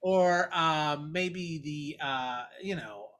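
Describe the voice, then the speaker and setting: A man co-hosts a casual podcast, rambling through his points with plenty of ums and jokes. His voice is bright and swings widely up and down as he talks. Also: on the high side, lively intonation, slow, smooth. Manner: rambling, joking, full of fillers. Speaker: podcast co-host. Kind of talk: casual chat.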